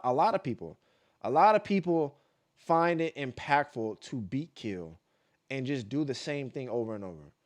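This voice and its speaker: A man giving blunt, profane live-stream commentary, repeating points for emphasis and vocalizing beat patterns aloud. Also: medium pitch. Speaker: streamer reacting to dance battles.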